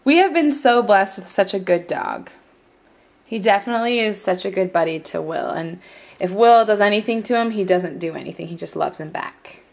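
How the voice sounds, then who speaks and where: A young adult woman chatting casually for a home vlog, often soft and hushed, tired and a bit unwell. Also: medium pitch, expressive, normal speed, gravelly. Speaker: mom vlogger. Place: family home, basement playroom.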